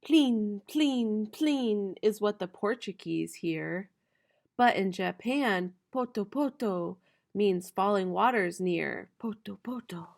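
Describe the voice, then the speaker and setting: A woman's voice: medium pitch, lively intonation, creaky. A young woman teacher reading a picture book aloud to her students, playfully voicing the animal and object sounds. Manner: slow, playful reading with bright, loud animal-sound imitations.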